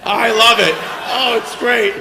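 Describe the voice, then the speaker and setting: On a club stage before a live audience, a stand-up comedian with a very high, steady voice does teasing, brash crowd work at an unhurried pace, laughing along at his own jokes. The live club recording carries crowd noise and audience laughter.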